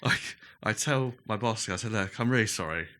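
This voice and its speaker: A man's voice: lowish voice, brisk, sharp tone. A man in his thirties, telling anecdotes on a casual podcast, acting out the people he quotes and laughing often. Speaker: guest.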